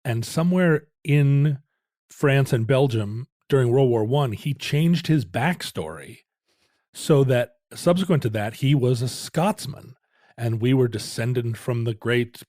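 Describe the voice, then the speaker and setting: A man's voice: mid-range voice, animated, unhurried, a little mellow, no echo, studio quality. A middle-aged man co-hosting a podcast, telling a family story in a rambling, self-interrupting way. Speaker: podcast co-host. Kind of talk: casual chat.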